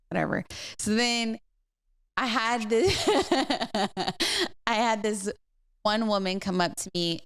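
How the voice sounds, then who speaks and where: A middle-aged woman co-hosting a church podcast, telling a story in a loose, chatty way with lots of fillers. Her voice is very smooth and clear, and sits a little low for a woman. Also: dry recording, clean studio sound. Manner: animated storyteller, many fillers and restarts. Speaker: co-host pastor. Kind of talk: casual podcast chat, storytelling.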